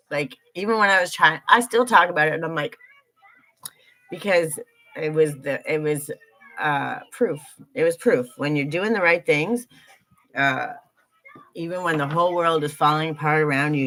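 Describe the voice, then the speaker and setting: Low-voiced woman, earnest and rambling, hosting a spiritual livestream. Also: fairly bright tone, low-quality recording. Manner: rambling, earnest, repeats herself, frequent fillers. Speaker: intuitive guidance livestream host. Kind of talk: casual spiritual livestream talk.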